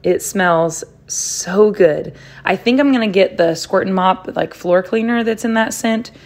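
A woman's voice: on the high side, normal speed, a little mellow. A young woman vlogging casually, chatting in a rambling, candid way as she runs weekend errands. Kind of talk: casual vlog chat. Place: parking lot, then store.

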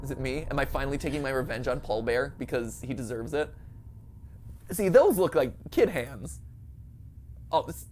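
Excitable woman doing game commentary. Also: very deep voice, moderate pace, long pauses, a little hiss or hum. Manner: jokey, excitable, laughs often, bursts into silly voices. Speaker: host. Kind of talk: let's play commentary.

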